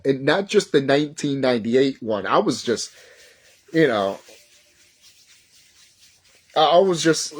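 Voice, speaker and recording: A man in his thirties talking casually in a vlog, excitable and rambling, swearing often and stumbling over his words when he gets worked up. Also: mid-range voice. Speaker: YouTuber. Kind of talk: casual nostalgic vlog talk.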